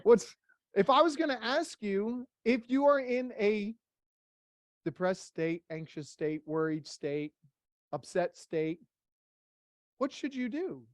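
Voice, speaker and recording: A blunt workshop leader speaks at a middle pitch, close and dry with little room sound. The leader keeps firing rhetorical questions at the group in a motivational talk, with casual swearing. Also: animated, slow pace, pauses often, no echo.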